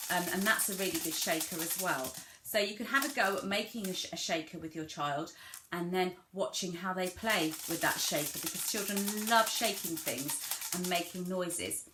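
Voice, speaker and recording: A woman giving a gentle instructional talk to parents, demonstrating play ideas and modelling simple words in an exaggerated sing-song way. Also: mid-range voice. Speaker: family centre early years practitioner. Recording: echoey room with clear background noise.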